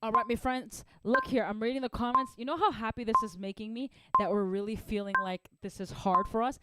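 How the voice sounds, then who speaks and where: A woman's voice: a little high, brisk, very noisy. A woman teaching a live online drum lesson, upbeat and encouraging, counting beats aloud over her playing. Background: drumming.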